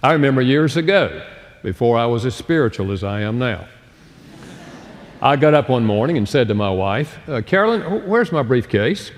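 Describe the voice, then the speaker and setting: A man speaking at a middle pitch in a sermon-style talk, his tone rising and falling freely. He slows down to stress key points. The sound carries a long reverb from a large hall. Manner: expressive, slows down for emphasis and acts out quoted dialogue. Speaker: speaker on relationships.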